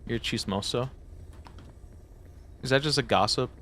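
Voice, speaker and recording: A man's voice: medium pitch, a little slow, fairly bright tone, slight background noise. A young man streaming a game, joking and rambling casually to his viewers and swearing freely. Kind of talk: casual chat to stream viewers while gaming.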